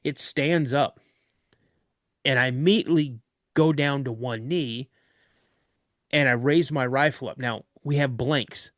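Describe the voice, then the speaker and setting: A man guest on a podcast, telling a story of an encounter in an animated way and acting out other people's voices. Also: mid-range voice, unhurried, long pauses, no room sound, clean studio sound.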